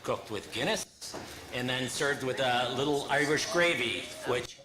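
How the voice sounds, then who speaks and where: A man presenting his entry at a food contest, pitching the dish with a light joke. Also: unhurried, roomy sound.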